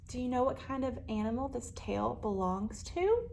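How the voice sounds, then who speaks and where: A librarian reading a picture book aloud to children, animated, gasping and asking them questions. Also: female voice, a little high, normal speed, gravelly.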